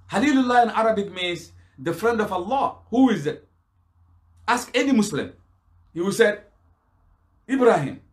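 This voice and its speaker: A man with a notably high-pitched voice delivers an argumentative sermon. He keeps throwing out rhetorical questions and answering them himself, pressing his rebuttal point by point. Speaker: Islamic preacher. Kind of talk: preaching rebuttal to a lecture crowd.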